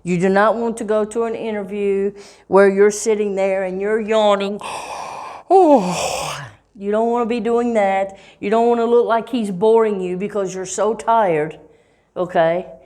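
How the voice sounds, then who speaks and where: Slow, deliberate woman teaching English. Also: mid-range voice, fairly even intonation, darkish tone. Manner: deliberate, stretches key words, checks in with "okay?" and "right?". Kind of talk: slow, clear teaching talk.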